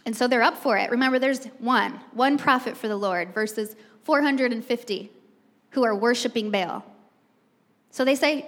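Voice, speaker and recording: Recorded in a hall with long reverb, a woman delivers a conversational sermon, telling the story chattily and talking directly to the congregation. She speaks at a normal speed in a voice on the high side.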